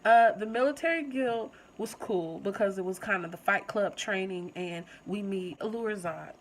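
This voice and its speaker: A young adult woman hosting her own channel, casually reviewing a TV episode and talking straight to her viewers in an animated, chatty way. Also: medium pitch, normal speed, slight background noise, low-quality recording.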